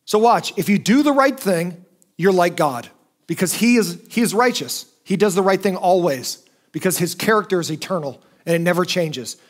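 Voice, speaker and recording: A man's voice: high voice, lively intonation, normal speed. A male pastor preaching a sermon in a conversational, emphatic way.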